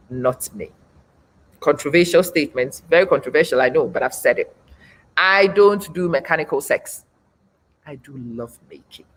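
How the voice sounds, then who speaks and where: A woman in her forties hosting a live stream, speaking bluntly and emphatically, repeating her points for effect. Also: low voice. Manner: blunt, frank. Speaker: host. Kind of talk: live-stream talk, reading viewer comments.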